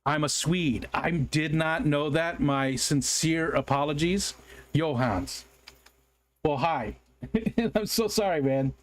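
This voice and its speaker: Speaking slowly in a voice on the high side, this American livestream host chats casually and reads out viewer comments. He's rambling and apologetic, full of ums and restarts.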